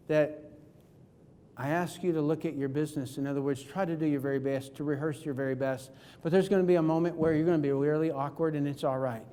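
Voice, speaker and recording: Animated man speaking in a reverberant hall. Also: on the high side. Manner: animated, acts out dialogue in his stories. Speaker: motivational speaker. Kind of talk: storytelling keynote speech. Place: large event hall on stage. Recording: long reverb of a large hall.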